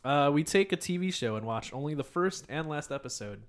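Male co-host, animated intonation, casual and teasing, asks a lot. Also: fairly high pitch, brisk. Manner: teasing, prodding questions. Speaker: podcast co-host. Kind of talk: casual chat.

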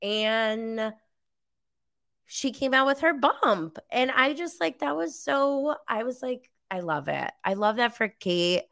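A woman's voice: on the high side, animated, takes it slowly, creaky, a bit bright. A woman hosting a podcast, chatting casually through a live recap with many fillers and giggles. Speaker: podcast host.

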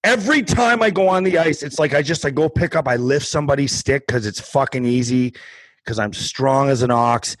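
A man's voice: mid-range voice, fairly quick, no echo. A man co-hosting a podcast in casual chat, ranting in a worked-up, profane way. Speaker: podcast co-host.

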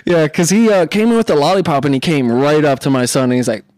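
A man's voice: a little high, fast talker, darkish tone, dry recording. Rambling young man, casual chat. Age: young adult. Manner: rambling, heavy on fillers and swearing.

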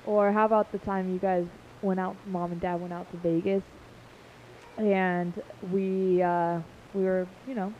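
A woman's voice: lowish voice, flat delivery, a little slow. A young adult woman chatting on her dad's family podcast, a giggly, rambling storyteller who fills with "like" and "um". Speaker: podcast guest, host's daughter. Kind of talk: casual family podcast chat. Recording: muffled lo-fi with faint hiss.

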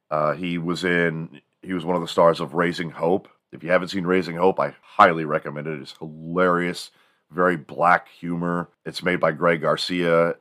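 A man's voice: rumbling low, a bit bright. A man from the United States rambling through a casual, profane comedic monologue as a show host. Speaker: podcast host.

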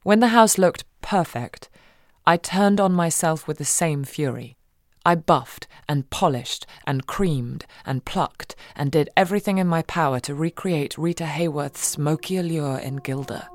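A woman reading a first-person audiobook in a wry, expressive way, swinging between giddy and hushed. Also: deep voice, unhurried, no room sound, clean studio sound. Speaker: audiobook narrator.

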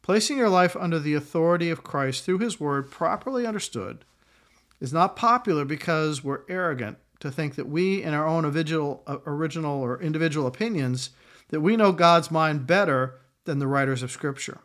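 A man's voice: a little high, lively intonation, brisk, fairly bright tone. A middle-aged man preaching a sermon in a conversational way, acting out quotes along the way. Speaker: pastor.

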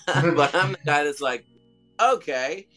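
A man's voice: fairly high pitch, slow, bright, forceful tone, faint music behind. A middle-aged man, a comedian and songwriter, telling stories in a casual interview, rambling with many fillers and restarts.

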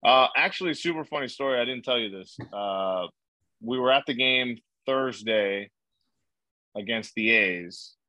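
A man's voice: mid-range voice, a little slow, bright, forceful tone, no room sound, rough recording. A young man hosting a casual podcast, telling rambling stories with lots of fillers and swearing. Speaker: podcast host. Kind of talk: casual chat.

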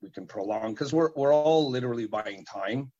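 A man, a parent and event organizer, answering interview questions in a halting way, with many fillers and repeated words. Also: mid-range voice, expressive, dark tone. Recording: dull lo-fi sound.

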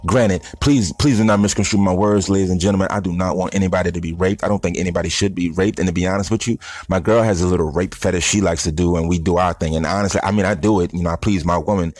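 A man's voice: sits low, steady tone, fast talker, hardly any pauses, darkish tone, no echo. A man giving a blunt, rambling, casual opinion monologue to his audience of stoners. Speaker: vlogger addressing stoner audience.

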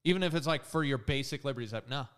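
A man's voice: medium pitch, lively intonation, racing, a bit bright, smooth. A man co-hosting a podcast, talking loosely and casually, often saying "dude". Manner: loose and conversational, calls others dude. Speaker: podcast co-host. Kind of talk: casual chat.

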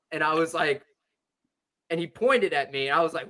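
A man's voice: a little high, fairly quick, pushed and bright, low-quality recording. A man hosting a sports podcast, telling a story. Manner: rambling storytelling with many fillers. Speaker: podcast host. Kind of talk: casual sports chat.

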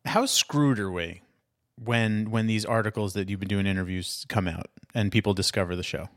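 A man's voice: on the low side, normal speed, fairly bright tone. A young man co-hosting a podcast in casual chat, incredulous and profane as he talks. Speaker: podcast co-host.

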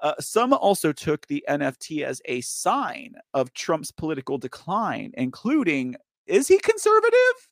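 Male political talk host, gravelly and fairly high, dry close sound; loose, uncensored asides. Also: very animated, measured pace, hardly any pauses, no echo. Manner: loose, uncensored, riffing asides with frequent okay and right. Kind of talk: opinionated political commentary, reading articles aloud.

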